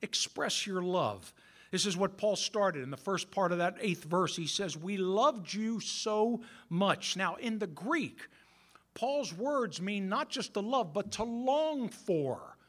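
A man in his sixties, a pastor, preaches a sermon conversationally, addressing the men in the room directly with some self-mocking humor. His voice sits high, with lively intonation, and he takes his time.

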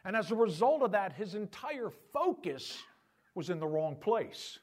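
A man preaching a sermon as pastor, in an animated, conversational way. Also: high voice, measured pace.

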